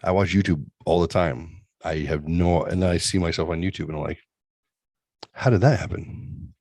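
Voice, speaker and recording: Middle-aged male host, deep voice, dry close sound, loose crude joking banter. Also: steady tone, fairly quick, a little mellow, no room sound. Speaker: podcast host. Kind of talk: casual chat.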